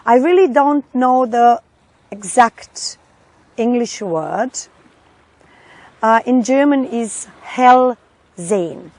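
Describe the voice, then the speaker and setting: Slow, halting high-voiced woman. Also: animated, darkish tone, dry recording, poor audio. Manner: halting, searching for words in English. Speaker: doctor recounting a personal experience. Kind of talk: personal testimony.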